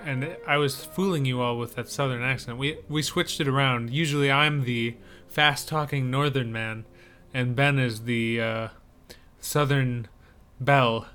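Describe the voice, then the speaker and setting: A man's voice: mid-range voice, fairly even intonation, unhurried, fairly bright tone, clear, resonant tone, faint music behind. A man co-hosting a podcast in casual chat, rambling with frequent restarts. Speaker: podcast co-host.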